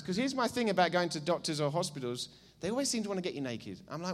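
A middle-aged man with an Essex English accent, preaching a sermon with jokey asides and loud bursts of enthusiasm. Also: high voice, big pitch swings, quick pace, few pauses. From England.

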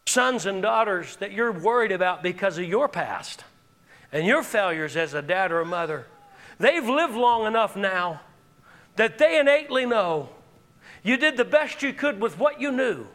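High, bright-voiced impassioned preacher man. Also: lively intonation, moderate pace. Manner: impassioned, exhorting, swinging between shouts and hushed tones. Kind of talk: sermon.

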